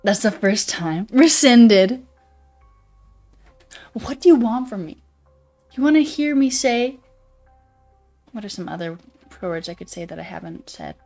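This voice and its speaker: Young woman, soft childlike voice, a bit under the weather, casual streamer banter. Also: mid-range voice, animated, measured pace, long pauses, soft background music. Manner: reads chat aloud, swears casually, sings snatches. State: a little sick. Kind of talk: casual chat with live chat.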